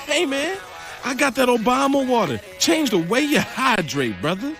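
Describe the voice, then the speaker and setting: A man voicing a pushy street hustler who sells souvenirs in an animated comedy. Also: extremely high pitch, moderate pace, soft background music, heavily acted. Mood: hustling. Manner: hustling, loud, incredulous.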